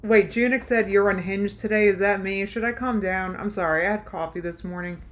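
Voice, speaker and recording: A woman's voice: medium pitch, steady tone, a little fast. A woman reacting to a video on a live stream, sarcastic and exasperated, talking back at the clip. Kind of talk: casual react commentary.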